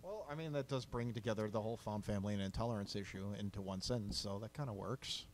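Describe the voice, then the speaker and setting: Quick-talking man co-host, dry and level. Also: on the low side. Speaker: podcast co-host. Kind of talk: casual chat about writing.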